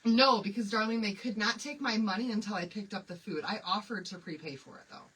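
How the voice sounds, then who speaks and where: Bright-voiced woman chatting with her viewers. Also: mid-range voice, a little fast, slightly rough, recorded from a distance, rough recording. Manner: animated, confiding, addresses viewers and commenters by name. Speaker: craft livestream host. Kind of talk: chatty storytelling while demonstrating a craft.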